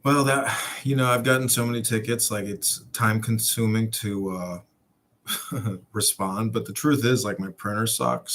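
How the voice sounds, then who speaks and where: A man's voice: lowish voice, normal speed. A man telling stories in a casual podcast chat, swearing often and laughing as he goes. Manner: profane, laughing, animated storytelling. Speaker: podcast co-host.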